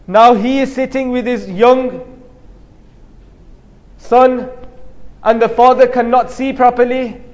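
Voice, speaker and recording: A man's voice: very high-pitched, a little mellow. A man preaching a sermon, telling a story with rising emphasis. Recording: long hall reverb.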